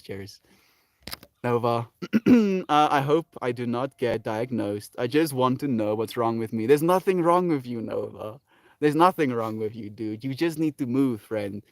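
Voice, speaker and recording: A man's voice: mid-range voice, darkish tone, dry recording. A man hosting a casual livestream, reading viewer comments and answering with earnest encouragement and frequent laughs. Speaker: livestream host.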